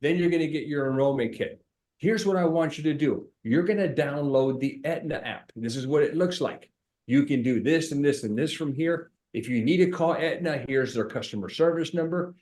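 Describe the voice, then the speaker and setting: Speaking at a moderate pace in a high-leaning voice, a middle-aged insurance agency owner leads an informal sales training session. He's animated and emphatic, going back over key points for emphasis.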